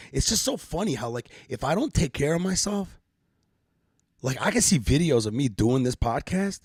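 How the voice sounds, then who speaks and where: A man's voice: a little high, big pitch swings, normal speed, darkish tone, slightly rough, no echo, clean studio sound. A middle-aged man hosting a casual live-stream podcast, joking around in loose, profane banter. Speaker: podcast host.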